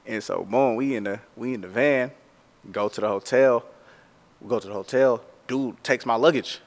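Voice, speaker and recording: A tattoo artist tells a story in a loose, casual way, packed with slang and constant "like"s. His voice sits at an ordinary middle pitch for a man. The sound trails into a long, reverberant room echo. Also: moderate pace, creaky. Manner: animated, slangy, lots of "like".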